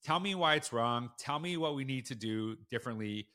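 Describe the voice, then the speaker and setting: Guy principal on a podcast, bright forceful voice, acts out the quotes, lots of pitch jumps. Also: animated, a little fast. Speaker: school principal and guest. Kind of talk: casual storytelling in a podcast interview.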